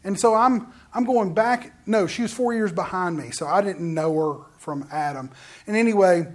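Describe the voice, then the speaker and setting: A man preaching with real animation. He swings between loud emphatic stretches and soft, almost whispered passages, stumbling and repeating words as he goes. His delivery is informal and storytelling. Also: sits high, normal speed. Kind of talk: sermon with personal stories.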